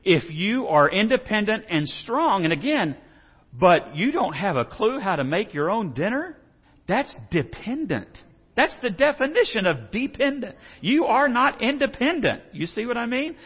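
Animated man teaching a Bible lesson. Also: sits high, moderate pace, breathy edge. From Texas. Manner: folksy, joking, asks the audience questions. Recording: dull reverberant hall sound.

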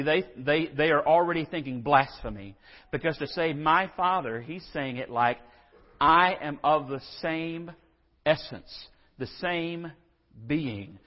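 A pastor preaching a sermon in a conversational way, asking rhetorical questions and acting out quotes. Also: male voice, a little high. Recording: dull audio in a hall with long reverb.

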